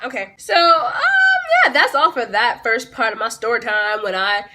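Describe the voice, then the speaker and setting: A teenage girl telling a storytime on her vlog in a bright, crisp, slightly high voice. She is blunt and sassy, swears freely, and breaks off into quick self-aware asides. The delivery is casual and chatty throughout. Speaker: vlogger.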